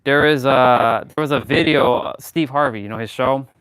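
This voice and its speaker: A man hosting a casual chat, rambling with lots of fillers and restarts, shifting into livelier, louder stretches when worked up. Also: medium pitch, normal speed, smooth, no echo. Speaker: host.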